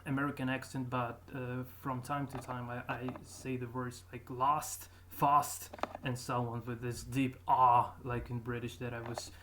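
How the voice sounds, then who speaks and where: Over constant background noise, a man looks back at his old videos to judge how his accent has improved. His mid-range voice moves at an ordinary speed with few pauses, though he hesitates, restarts and leans on fillers.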